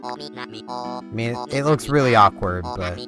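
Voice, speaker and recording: A man's voice: mid-range voice, slow. A man hosting a gaming channel, giving casual gameplay commentary with rambling, self-deprecating chatter. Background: game music.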